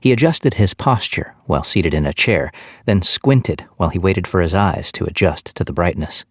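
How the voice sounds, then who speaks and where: A man narrating a thriller audiobook in a steady, measured storytelling manner, close to the microphone. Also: sits low, no room sound.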